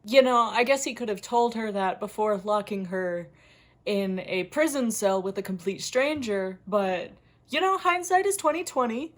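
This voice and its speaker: A woman's voice: medium pitch, lively intonation, moderate pace. A woman recapping a book in a casual, comedic way, sarcastic and often laughing as she talks. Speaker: book reviewer.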